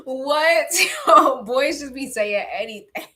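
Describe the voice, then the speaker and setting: A young woman chats with her livestream viewers in loose, frank slang. Her voice is bright and a touch high, and she takes her time. She laughs easily between remarks. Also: lively intonation, takes it slowly. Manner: candid, slangy, laughs often. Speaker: livestream host chatting with viewers. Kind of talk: casual chat.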